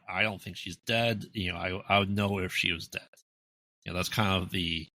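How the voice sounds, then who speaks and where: A man's voice: sits low, pushed and bright, no room sound. An American man co-hosting a podcast, casually recapping a horror movie plot with lots of fillers and restarts. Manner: rambling, many fillers and restarts. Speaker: podcast co-host.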